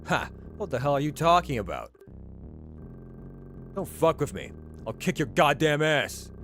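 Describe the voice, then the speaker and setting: A man's voice: mid-range voice, huge pitch swings, fairly quick, a bit bright, faint music behind. A man doing a profane, violent prisoner. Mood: hostile, threatening. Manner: aggressive, profane threats. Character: violent foul-mouthed male prisoner, hostile and threatening. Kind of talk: voiced game reading.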